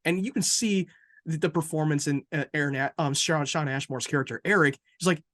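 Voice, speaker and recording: A man co-hosting a casual review podcast, excitable, swearing freely and tripping over his words. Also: a little high, brisk, dry recording, clean studio sound. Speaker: podcast co-host.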